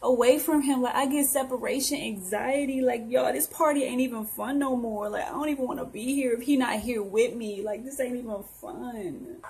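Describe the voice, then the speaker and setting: A woman's voice: on the high side, moderate pace, few pauses, darkish tone, a little hiss or hum, close to an everyday voice. A woman playing a clingy young woman who frets anxiously about her absent boyfriend. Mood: fretful. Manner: whiny, anxious, rambling.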